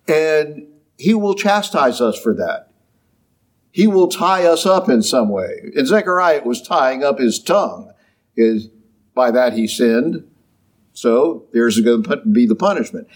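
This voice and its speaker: Husky, lively preacher giving a sermon. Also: male voice, fairly high pitch. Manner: conversational, acts out quoted voices, frequent "okay?" and "yeah?".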